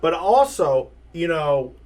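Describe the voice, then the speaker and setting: A man co-hosting a sports talk podcast, talking in an animated, rambling way with many fillers. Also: a little high, slow pace, slight background noise. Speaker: podcast co-host.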